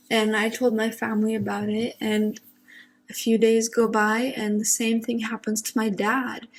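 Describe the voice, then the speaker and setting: A young woman retelling a personal story in a casual, halting, hushed and unsettled way. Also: a little high.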